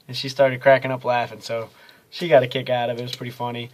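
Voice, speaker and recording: A man's voice: mid-range voice, level tone, fast. A young man telling a casual daily video diary, rambling and easygoing, with lots of ums and uhs. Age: young adult. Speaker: college student vlogger.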